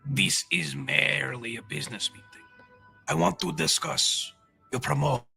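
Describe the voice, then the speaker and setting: A man's voice: medium pitch, moderate pace, gravelly, bright, forceful tone, soft background music, exaggerated voice. A man playing a suave male smuggler boss in a fan film, using a stereotyped put-on Mexican accent. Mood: calm, businesslike. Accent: put-on Mexican Spanish.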